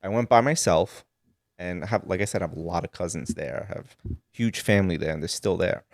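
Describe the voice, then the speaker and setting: A man who grew up in Sicily, a guest telling animated stories in casual chat. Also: low voice, fairly quick, dry recording. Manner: animated storytelling with laughs.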